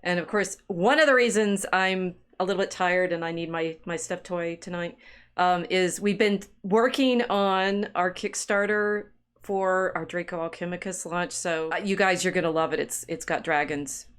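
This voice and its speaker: A woman's voice: fairly low pitch, fairly even intonation, normal speed, a bit bright, clean tone. A middle-aged woman co-hosting a podcast in casual chat, playful and enthusiastic, laughing often. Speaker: podcast co-host.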